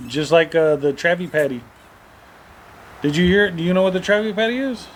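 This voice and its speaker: A man's voice: high voice, a little fast, a little hiss or hum. A middle-aged man co-hosting a podcast in casual chat, blunt, profane and joking. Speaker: podcast co-host.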